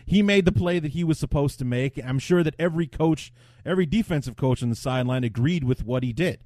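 A man's voice: a little high, a little fast, darkish tone, no room sound, clean studio sound. A man hosting a sports podcast, talking in a rambling, blunt way with frequent restarts. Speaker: podcast host. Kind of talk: casual sports podcast chat.

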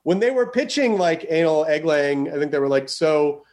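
A man riffing his way through a loose comedy podcast conversation, profane and rambling. His voice sits a little higher than most men's. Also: animated, brisk, a little mellow. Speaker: podcast co-host. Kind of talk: casual comedic podcast chat.

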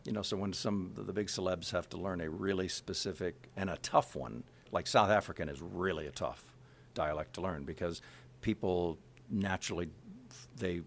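A man from Kansas City, a voice actor, chatting in an interview with rambling, halting sentences full of restarts and asides. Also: deep voice, a little hiss or hum. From Kansas City, USA. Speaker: voice actor guest. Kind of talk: casual interview chat.

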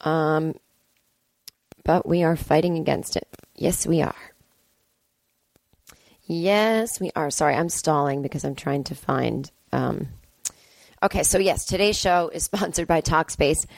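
Low-voiced, hoarse woman chatting away. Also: a little slow, pauses often, a little mellow, no room sound. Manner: chatty, digressive, with cooing baby talk. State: hoarse, strained voice. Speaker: podcast host. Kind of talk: casual rambling chat with ad read. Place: sister's home, indoors.

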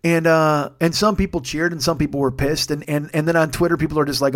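A man in his forties rants like a stand-up comic, his voice sitting a bit high for a man. He tears through his points at a rapid clip, swearing freely and punching certain lines harder than others. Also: steady tone. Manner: profane, fast ranting with bursts of raised intensity. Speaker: comedian podcast host. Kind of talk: solo comedic rant.

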